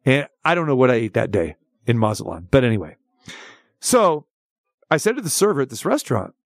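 Animated storytelling man, lively pitch. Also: fairly quick, creaky, no room sound, studio quality. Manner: animated, restarts often, acts out dialogue in a raised voice. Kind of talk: casual storytelling chat.

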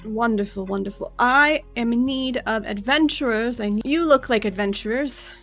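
A woman's voice: a little high, moderate pace, fairly bright tone, soft background music. Weary orc captain, voiced by a woman. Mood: weary, polite. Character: weary male orc fort captain, dutiful.

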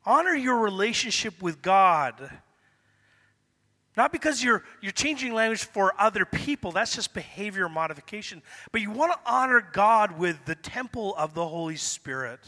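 High-pitched, expressive, pushed, and bright, a middle-aged man from Canada speaks at normal speed with hardly any pauses. He preaches a casual, conversational sermon in a church hall with long reverb, acting out dialogue from a personal story.

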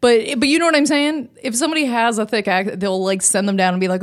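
A woman's voice: on the high side, fairly even intonation, fast talker, hardly any pauses. Blunt, jokey Canadian woman co-host. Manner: blunt, swears freely, jokey. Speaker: podcast co-host, actor. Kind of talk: casual movie discussion podcast.

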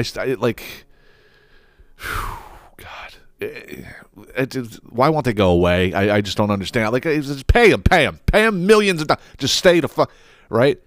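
Brief: blunt, foul-mouthed male podcast host, young, swinging pitch, dry sound. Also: fairly bright tone, dry recording. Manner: profane, blunt, exasperated. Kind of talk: ranting podcast monologue.

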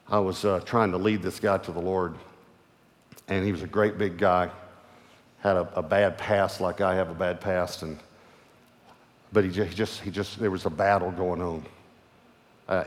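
A male pastor preaching a sermon in a large church hall, emphatic and repetitive. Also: low voice.

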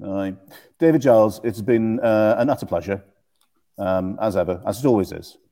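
A man's voice: on the low side, moderate pace. A man hosting a podcast in casual, jokey chat. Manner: jokey, animated, breaks into playful voices. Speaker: podcast host.

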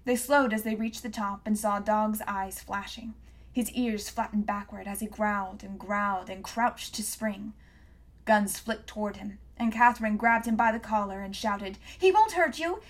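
Woman reading a novel aloud. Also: mid-range voice. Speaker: audiobook reader. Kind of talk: scripted narration.

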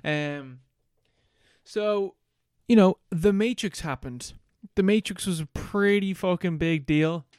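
Male film podcast host, fairly high, smooth voice, swears freely, dry close mic. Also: slow pace, no room sound. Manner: loose, profane, animated plot recap. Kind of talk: casual chat.

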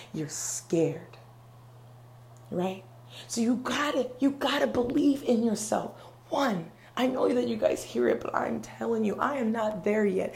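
Earnest woman with a gravelly voice. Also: on the high side, mellow. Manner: earnest, conversational, frequent "okay?" and "right?" check-ins. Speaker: podcast host. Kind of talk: motivational monologue. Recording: roomy with faint background hum.

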